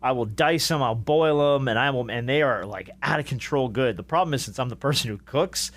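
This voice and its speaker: A man hosting a podcast in casual chat, telling stories in a relaxed way with casual swearing. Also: mid-range voice, a little fast. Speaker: podcast host.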